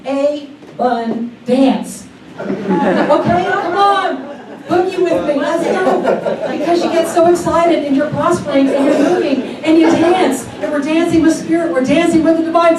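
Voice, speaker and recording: A woman giving a sermon at a church service, enthusiastic and animated, with excited exclamations. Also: high voice, a little hiss or hum. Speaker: guest speaker at a church service. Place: large sanctuary during a service. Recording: echoey hall, picked up from a distance.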